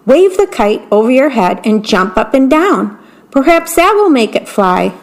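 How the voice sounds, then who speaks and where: A woman's voice: a little high, a little slow. A woman voicing a patient, encouraging male frog in a children's storybook reading. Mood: calm. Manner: calm, encouraging.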